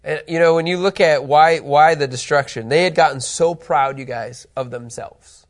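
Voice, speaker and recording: Animated man teaching scripture, checking in often. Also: a little high, moderate pace. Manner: animated, keeps asking "okay?" to check understanding. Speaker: Bible teacher. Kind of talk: Bible teaching.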